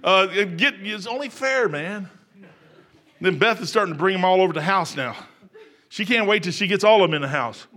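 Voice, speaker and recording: An older pastor preaches in a church, folksy and chuckling at his own stories. His voice sits high and carries a bright, forceful edge, rising to shouts and sinking to near whispers. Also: expressive, normal speed. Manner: folksy, laughing, swings from shouting to hushed. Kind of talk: sermon. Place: church sanctuary.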